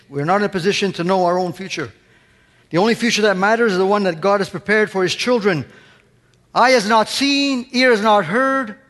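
A male pastor delivers an impassioned sermon in a high voice and keeps pressing the congregation with question after question. His words ring out with a long reverb, as if in a large hall. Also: a bit bright.

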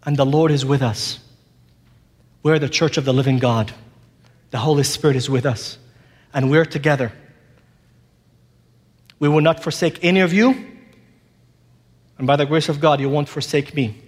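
A man's voice: a little high, normal speed, long pauses, big-room sound. A man preaching a sermon as pastor, reading scripture and rising to urgent, impassioned appeals to his congregation.

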